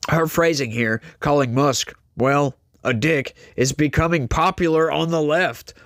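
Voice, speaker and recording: A man's voice: a little high, a little slow, a bit bright, no echo, clean studio sound. A man doing mocking political reaction commentary, laughing often.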